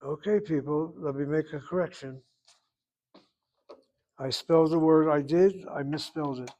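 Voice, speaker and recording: Male language teacher, fairly high voice, emphatic, repeats himself, corrects students. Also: normal speed, warm tone, dull audio. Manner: emphatic, repeats and corrects students, thinks aloud while spelling. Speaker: Hebrew teacher. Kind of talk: online class teaching.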